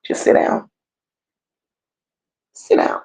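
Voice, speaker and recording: Slow, scornful woman host ranting. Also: a little mellow. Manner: slow, emphatic and scornful, with drawn-out insults; reads viewer comments aloud. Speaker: commentary channel host. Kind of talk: unscripted livestream rant.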